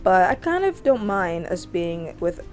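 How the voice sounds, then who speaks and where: A young woman hosting a gaming channel, chatting excitedly as she narrates a life-sim game. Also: fairly low pitch, a little slow, soft background music. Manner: chatty, easily excited, gasps and laughs.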